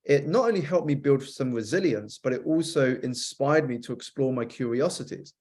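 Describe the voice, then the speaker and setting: Man, interview guest, mid-pitched voice, measured, reflective, lists things off, frequent uh's. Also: expressive, a little mellow. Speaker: coach and author, podcast guest. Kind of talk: interview storytelling.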